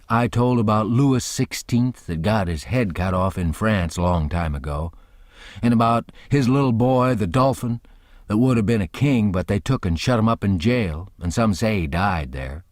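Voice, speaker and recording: A man's voice: on the low side, animated, normal speed, no room sound, studio quality. A man narrating an audiobook in the first person, telling the story in a folksy rural dialect.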